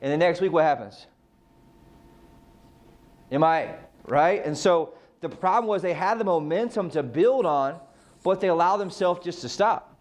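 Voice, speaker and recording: A man's voice: fairly high pitch, lively intonation, measured pace, pauses often. A man coaching a real estate team in a casual motivational talk, firing off rhetorical questions and swearing freely.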